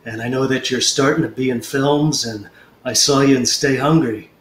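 Laconic, tough movie-star voice with a low drawl, echoey room, a man doing the impression. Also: steady tone, moderate pace, a little hiss or hum, lightly acted. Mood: smooth.

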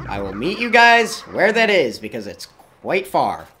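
A man's voice: a little high, huge pitch swings, measured pace, sharp tone, slight background noise. A man commentating his own gameplay, easily frustrated, swearing and pleading at the game as he plays. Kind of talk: let's play commentary.

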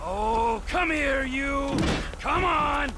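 An actor playing a rough, sarcastic and unhinged criminal driver with a mocking manner, in video game dialogue. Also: male voice, extremely high pitch, expressive, extremely slow, loud music behind the voice, heavily acted. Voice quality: gravelly, mocking. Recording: loud car noise behind.

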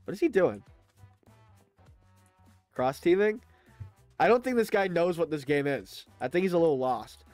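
A male game streamer with a high voice chatters excitably to his live chat. The sound is dry and close, with faint music under it. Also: normal speed, pauses often, no room sound. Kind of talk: live gaming stream commentary.

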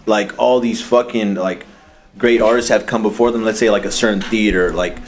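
A man co-hosting a podcast in casual chat, excitable and swearing a lot, full of "like" fillers. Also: on the low side, moderate pace, soft background music. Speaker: podcast co-host.

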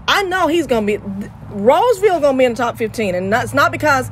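A woman's voice: high-pitched, animated, fast talker, a little hiss or hum. A woman with an East Texas Southern accent hosting Christian radio, talking in an exuberant, preachy way and repeating her phrases. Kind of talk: lively radio chat.

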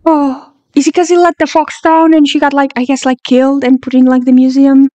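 High-voiced young woman reacting excitedly. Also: brisk, dry recording. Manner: excitable and swears freely, talks back at the screen. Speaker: reaction video host. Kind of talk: casual reaction commentary.

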